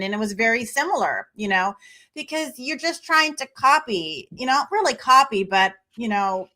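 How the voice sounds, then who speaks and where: A woman with a fairly high, bright voice talks in a relaxed conversation. She is animated and acts out the voices she quotes. Her tone has a crisp, forward edge. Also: a little fast. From Memphis, United States. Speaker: podcast guest. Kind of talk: casual conversation.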